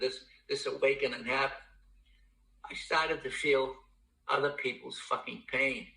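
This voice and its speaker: A man's voice: medium pitch, sharp tone, reverberant, low-quality recording. An older man giving a blunt personal testimony at a recovery meeting, swearing often, stammering and repeating himself as he speaks. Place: meeting room.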